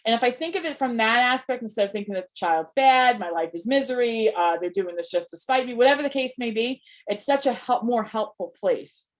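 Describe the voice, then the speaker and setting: A woman's voice: on the high side, lively intonation, fairly quick, few pauses. A woman in her thirties hosting a live Q&A as a parenting coach, talking candidly and emotionally, swearing freely and checking in with "right?". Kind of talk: casual live-stream talk.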